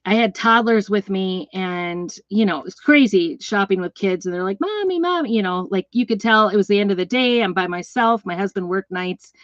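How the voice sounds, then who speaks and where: A woman's voice: medium pitch, steady tone, normal speed, few pauses, dry recording, dull audio. A middle-aged woman hosting a live craft demonstration, chatting and rambling through stories while she works with her hands. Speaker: craft seller and host.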